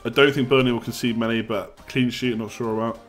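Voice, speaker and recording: A man's voice: mid-range voice, fairly even intonation, quick pace, soft background music. Chatty man on a live stream. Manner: chatty, joking, reads chat aloud. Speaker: livestream host. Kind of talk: casual live chat.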